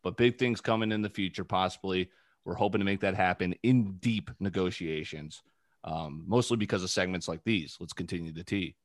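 A man's voice: deep voice, fairly quick, no room sound. A man in his twenties hosting a casual podcast from his home studio, rambling through stories with lots of fillers. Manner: rambling, filler-heavy storytelling. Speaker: podcast host.

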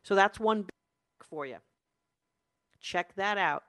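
A life coach delivers a motivational talk in an emphatic, insistent way, repeating key phrases. The wording leans spiritual, about energy and the soul. The voice sits at a middling pitch and sounds dry and close. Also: slow pace, fairly bright tone, no room sound.

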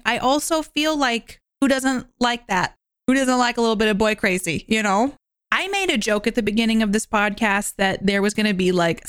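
A young woman with a fairly high voice chats through her take on a film like she's talking to a friend. She's animated, full of "like"s and asides. The sound is dry and close, with no room around her. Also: no echo. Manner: chatty, animated, lots of "like". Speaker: podcast host. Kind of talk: casual movie review monologue.

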